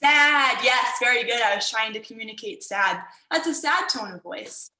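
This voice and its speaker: A woman's voice: fairly high pitch, expressive, normal speed, sharp tone, reverberant, low-quality recording. A woman martial arts instructor teaching an online workshop for kids in an upbeat, encouraging way, over a video call.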